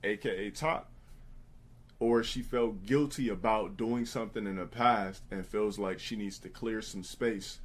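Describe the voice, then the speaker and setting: A man live-streaming, telling crude stories and giving blunt advice to his chat, often mimicking others in a high, put-on voice. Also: measured pace.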